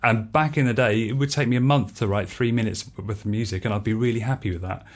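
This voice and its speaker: A man, a freelance composer, telling anecdotes in a casual interview, animated and laughing often as he acts out what people said. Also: on the low side, quick pace. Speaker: freelance composer and musician, podcast guest.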